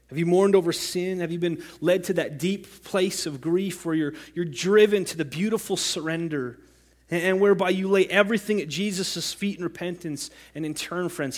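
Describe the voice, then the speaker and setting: A man preaching a sermon as pastor, earnest and rising to impassioned cries when he quotes scripture. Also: on the high side.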